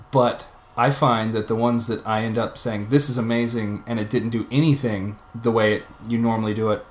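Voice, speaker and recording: A man's voice: fairly low pitch, slight background noise. A man co-hosting a podcast, chatting casually and jokily, sometimes searching for the right word. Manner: talkative, gropes for words, jokey. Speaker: podcast co-host.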